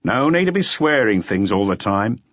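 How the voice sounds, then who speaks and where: A man doing a gruff, blunt police chief inspector. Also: fairly low pitch, sing-song, moderate pace, fairly bright tone, no room sound, voice pushed up. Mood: gruff coaxing. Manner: blunt, coaxing interrogating tone, occasionally paternal. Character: gruff, impatient middle-aged male police chief inspector. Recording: slightly dull lo-fi audiobook recording.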